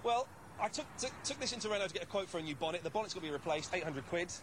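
Fast, high-voiced British young man complaining. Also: expressive, noisy background. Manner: aggrieved, complaining, insistent. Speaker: interviewee in a consumer news report. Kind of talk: news interview.

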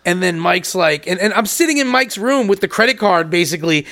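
A man's voice: high voice, animated, brisk, pushed and bright. A young man on a podcast, telling a long story casually, swearing and acting out both sides of each conversation. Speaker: podcast co-host.

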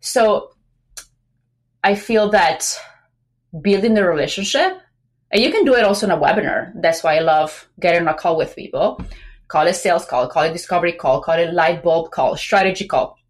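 A pregnant woman talking as a guest on a business podcast, chatty and lively, acting out quoted remarks between many fillers. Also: fairly low pitch, normal speed. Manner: animated, acts out quoted voices, many fillers. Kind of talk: casual interview talk.

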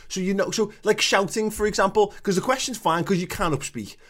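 A man's voice: fairly quick, fairly bright tone. Ranting sweary man. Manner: sweary ranting, swings pitch up when worked up. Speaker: podcast co-host. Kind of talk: casual chat.

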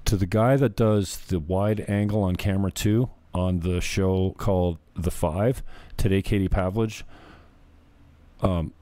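A man's voice: low voice, mellow, dry recording. A man hosting his own show, giving rambling, profane, joking commentary on viral videos. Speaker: show host.

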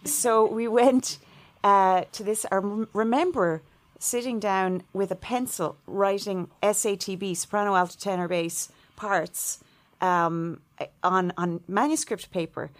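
A middle-aged Irish composer, speaking at a medium pitch and measured pace, tells stories as a guest in an interview. She's animated, acting out quoted voices with laughs.

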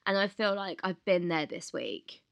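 A woman in her thirties co-hosting a podcast, hoarse from the flu and talking candidly in casual chat. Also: lowish voice, normal speed. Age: 30s. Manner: candid, expressive, retells with acted quotes. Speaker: podcast co-host.

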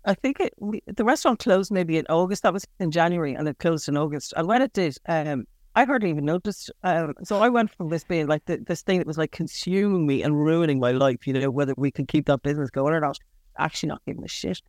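A woman's voice: low-pitched, quick pace, a little mellow. A middle-aged Irish woman speaks as an interview guest, frank and self-mocking. She stops and restarts often and scatters fillers through her talk. Her voice is recorded close and dry, with no room echo. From Northern Ireland. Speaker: writer guest.

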